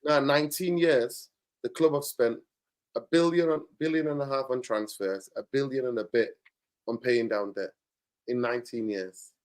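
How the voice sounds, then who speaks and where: Animated man. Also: medium pitch, moderate pace. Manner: animated, blunt, bursts of loud exclamation. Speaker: football podcast host. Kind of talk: casual football chat.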